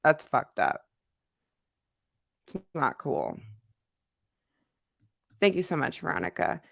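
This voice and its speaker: This livestream host sounds stuffed up from a cold as she reads viewer comments in a loose, chatty way full of fillers and repetition. She speaks slowly in a deep, sing-song voice with vocal fry and a fairly bright tone, recorded in a studio without echo.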